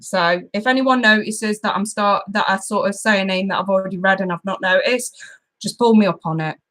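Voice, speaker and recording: A woman's voice: medium pitch, a little fast, a bit bright. A woman hosting a live tarot stream, chatting casually and giggling as she greets viewers by name.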